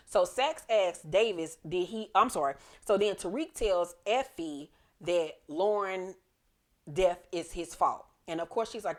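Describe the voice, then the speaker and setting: A woman's voice: on the low side, a little slow. A woman casually recapping a TV episode, chatty and profane, acting out the characters' lines as she goes. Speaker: TV episode reviewer.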